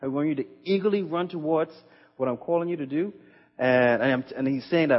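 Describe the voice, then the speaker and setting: A man's voice: a little high, fairly quick. A man pastor giving a sermon, reading scripture earnestly and adding casual, emphatic asides. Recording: echoey hall, muffled sound.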